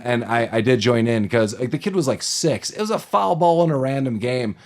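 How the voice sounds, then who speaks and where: A man's voice: mid-range voice, expressive, quick pace, few pauses. A man co-hosting a podcast, chatting casually and rambling through a movie recap, with fillers and voices for the people he quotes. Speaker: podcast co-host.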